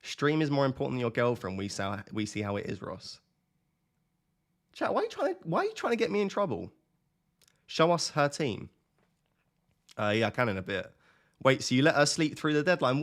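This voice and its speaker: A man streaming live and talking straight to his chat. His pitch swings widely as he laughs, jokes and reads out comments in a loose, casual way. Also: wildly swooping pitch, a little fast, long pauses. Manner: laughing, teasing, reading chat aloud.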